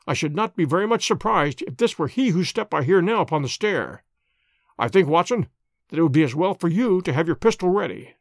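A man's voice: on the high side, expressive, brisk, no echo, clean studio sound. A man voicing a keen, authoritative detective in an audiobook reading. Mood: commanding. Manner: crisp, authoritative. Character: keen, commanding male detective.

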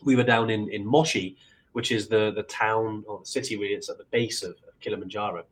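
A man's voice: on the low side, steady tone, a little fast. A man who guides trekking trips, chatting casually and rambling with many restarts about a mountain climb. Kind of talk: casual chat.

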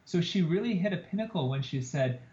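A man who is a plastic surgeon, telling an animated story as a guest on a podcast interview. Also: a little high, brisk. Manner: animated storyteller, acts out quoted lines. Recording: roomy, slightly dull podcast audio.

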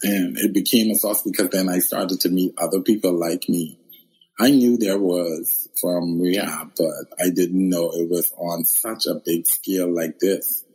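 Interview guest, male, from the Bahamas; deep, husky, expressive storyteller who laughs easily. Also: measured pace, low-quality recording. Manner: expressive, laughs often, acts out quoted voices.

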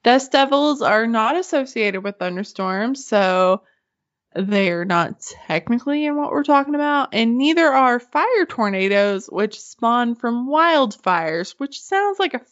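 Chatty woman host, slightly high voice, giggles often, dull lo-fi audio. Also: expressive, a little slow. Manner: chatty and giggly, swears casually. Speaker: podcast host. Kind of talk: casual chat.

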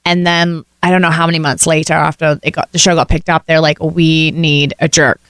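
Chatty British-accented actress, low voice. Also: female voice, quick pace. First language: British English accent. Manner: chatty, animated storytelling with laughs. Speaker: actress guest. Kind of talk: casual podcast chat.

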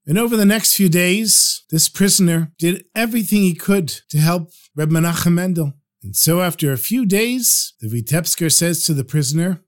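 A man narrating a story for a podcast, in an animated storytelling manner. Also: on the high side, normal speed, hardly any pauses.

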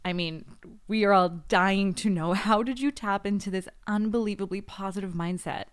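A woman's voice: medium pitch, normal speed, clear, resonant tone, dry recording, clean studio sound. A woman interviewer asking curious, lightly playful questions.

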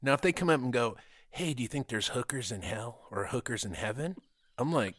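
A man's voice: mid-range voice, fairly quick, dry recording. A man telling stories in casual chat, swearing a lot and acting out what people said to him. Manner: animated, acts out quotes, swears, says dude. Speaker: podcast guest.

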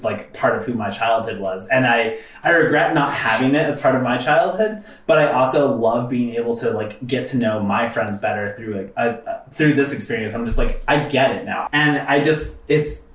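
A man's voice: medium pitch, a little fast, hardly any pauses, echoey room, distant mic. A man hosting a let's play, chatting casually with rambling fillers and swearing. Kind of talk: casual gaming commentary.

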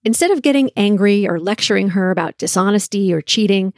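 A woman's voice: medium pitch, a little fast, no room sound, clean studio sound. Mother in her forties hosting a podcast. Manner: storytelling, lively when acting out quotes. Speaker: podcast host and parent. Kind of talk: solo podcast talk.

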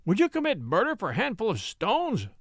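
Scared thief guy begging, voice goes high and shaky, man reading. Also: wildly swooping pitch, a little fast, no room sound, clean studio sound, exaggerated voice. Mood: pleading. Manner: pleading, desperate. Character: frightened male Belgian thief, adult.

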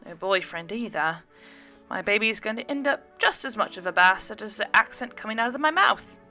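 A woman's voice: mid-range voice, expressive, moderate pace, bright, forceful tone, soft background music, voice pushed up. A woman voicing a young pregnant woman who talks with a dry, sarcastic edge. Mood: wry. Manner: teasing, sarcastic delivery.

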